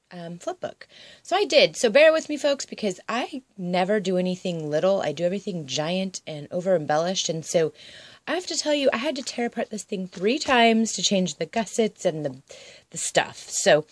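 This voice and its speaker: A woman's voice: medium pitch, dry recording. A woman casually showing a handmade craft project, chatting and rambling with frequent ums and asides. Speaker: paper crafter. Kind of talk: casual craft show-and-tell.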